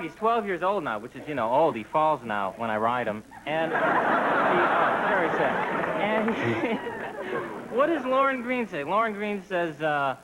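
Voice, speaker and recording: A man's voice: high voice, animated, brisk. A man doing a stand-up monologue as a talk show guest, with dry, self-deprecating asides. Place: TV studio stage before an audience. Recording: hissy old TV broadcast tape.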